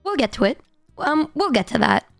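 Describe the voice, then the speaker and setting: A high-pitched woman streamer with a hoarse, worn-out voice, chatting animatedly and laughing as she tells a story. Her voice is close and dry on the mic, with soft music playing underneath. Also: very animated, moderate pace, no echo. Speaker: VTuber streamer. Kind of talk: casual livestream chat.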